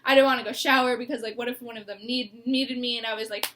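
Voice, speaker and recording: Tearful young woman, high bright voice, rambling sit-down confession. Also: steady tone, quick pace, a little hiss or hum. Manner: rambling, laughing through tears. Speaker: co-host. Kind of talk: emotional personal sit-down talk. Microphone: mic.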